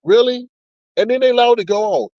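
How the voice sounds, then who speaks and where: A man's voice: very high voice, quick pace, no echo. Profane ranting man, dull dry sound. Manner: reads chat comments aloud. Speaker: commentary channel host. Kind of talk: casual commentary on online drama.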